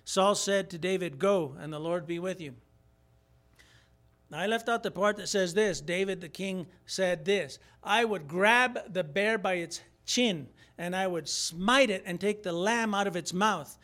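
A man's voice: high voice, measured pace, few pauses, pushed and bright. A male preacher giving a sermon to a live congregation in an emphatic, repetitive, exhortatory way.

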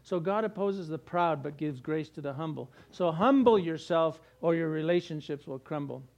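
A middle-aged man preaching a sermon, animated, with jokey asides and acted-out quotes. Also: a little high, moderate pace, gravelly. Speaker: pastor.

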